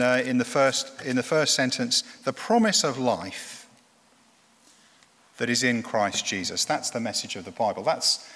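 A man delivers a sermon with an earnest, emphatic manner, sometimes stumbling and restarting a phrase before pressing his point. His voice is bright and forward. The sound carries a long, roomy reverb, as if picked up in a large church hall. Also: mid-range voice. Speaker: preacher.

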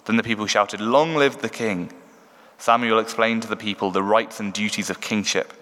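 Man reading scripture in a church. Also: on the low side. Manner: measured, steady reading. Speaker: scripture reader. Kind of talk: Bible reading. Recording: echoey church hall.

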